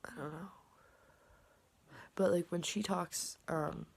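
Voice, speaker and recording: A young woman talking casually in a personal vlog, rambling with lots of fillers and sometimes dropping to a soft whisper. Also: lowish voice, steady tone, takes it slowly, gravelly, breathy edge. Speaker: vlogger.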